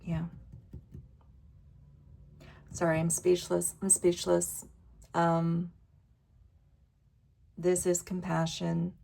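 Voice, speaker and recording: A woman reading oracle cards aloud in a casual vlog, slow and emotional, sighing and interrupting herself. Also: on the low side, completely flat delivery, vocal fry, dark tone. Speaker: oracle card reader. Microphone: wireless earbuds.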